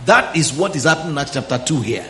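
A man's voice: on the high side, animated, quick pace, a bit bright, reverberant, slight background noise. A man preaching a Bible teaching sermon, often questioning the congregation and drawing out words for emphasis. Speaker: pastor.

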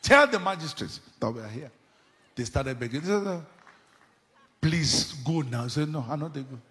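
A man preaching a sermon with fervor, swinging between sudden shouts and hushed asides. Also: fairly high pitch, lively intonation, normal speed, in a large hall. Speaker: pastor. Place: church.

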